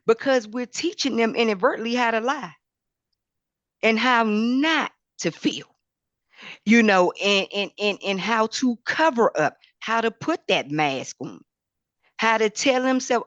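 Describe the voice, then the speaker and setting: A woman's voice: mid-range voice, expressive, a little slow, no room sound, muffled recording. Emphatic woman with a preacherly cadence. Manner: emphatic, repeats words, preacherly rise and fall. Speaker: podcast guest, abuse survivor speaker. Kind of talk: impassioned talk.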